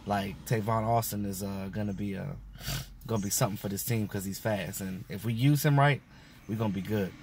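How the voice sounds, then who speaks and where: A man's voice: fairly low pitch, fairly even intonation, a little fast, a little mellow, slight background noise. A man talks casually through his reaction to a football interview. He rambles, restarts his sentences and leans on plenty of fillers, like a fan vlogging to camera.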